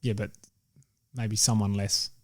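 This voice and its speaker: A man's voice: fairly low pitch, little pitch movement, measured pace, darkish tone. A young man co-hosting a podcast, joking around with slang in casual chat. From Australia. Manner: joking, laughs often, slangy. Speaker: podcast co-host.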